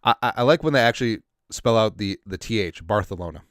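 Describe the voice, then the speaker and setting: A man hosting a casual sports livestream, rambling as he reads out viewer shout-outs, a little congested. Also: medium pitch, a little fast, no echo, clean studio sound. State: congested, coughing. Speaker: podcast host.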